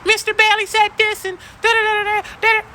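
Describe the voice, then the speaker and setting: A man voicing a dramatic teenage schoolgirl in a shrill falsetto, whiny and gushing. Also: flat delivery, brisk, sharp tone, slight background noise, full character voice.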